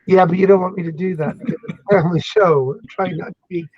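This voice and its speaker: Animated chatty man, dry dull sound. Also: high voice, fast, slightly rough, no room sound. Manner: animated, rambling, jokey. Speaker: academic guest. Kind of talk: casual chat.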